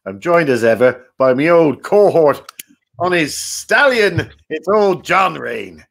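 A man's voice: fairly high pitch, lively intonation, takes it slowly, gravelly, fairly bright tone, full character voice. A man playing a jovial, rambling game-show host who is dead and in heaven, hosting a comic improvised quiz. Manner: chummy, rambling, self-mocking banter.

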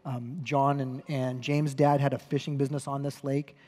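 A man's voice: medium pitch, level tone, moderate pace, a little mellow. A man preaching a sermon as pastor, telling a story conversationally with self-corrections and wry humor. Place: church hall. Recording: long hall reverb.

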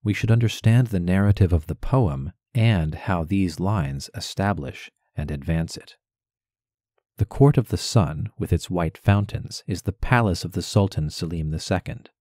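A man giving a poetry lesson as a voice-over, measured and deliberate, carefully stressing syllables. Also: low-pitched, warm tone, dry recording, studio quality. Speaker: poetry teacher. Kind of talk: instructional narration with poem recitation.

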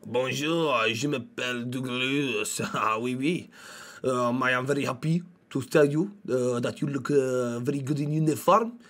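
A man putting on a hammy, clichéd French accent to play a flirting Frenchman in a role-play game, halting with fillers. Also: medium pitch, a bit bright, voice pushed down. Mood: flirty.

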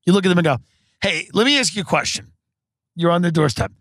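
A man hosting a podcast, rambling through a comedic mock sales pitch with many restarts. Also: animated, fast, a bit bright, no echo. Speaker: podcast host.

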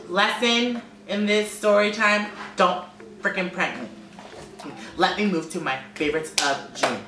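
A man in his twenties chatting to camera as a beauty vlogger, quick, sassy and emphatic. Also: sits high, steady tone, sharp tone, a little hiss or hum. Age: 20s. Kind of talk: casual chat to camera. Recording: echoey room, distant mic, music behind.

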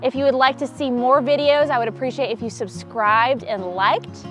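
A woman's voice: on the high side, fairly even intonation, normal speed. A woman chatting casually in a farm vlog, gushing and laughing often, outdoors in a pasture. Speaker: vlogger on a donkey farm. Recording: roomy sound with guitar music behind.

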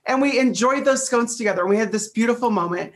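A middle-aged man chatting as an interview guest, animated and storytelling, often repeating phrases, heard over a video call. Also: very high voice, fast talker. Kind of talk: casual interview chat.

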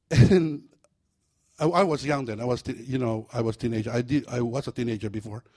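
A man preaching a sermon in a church, animated and humorous, breaking into acted-out voices. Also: medium pitch, normal speed. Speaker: pastor.

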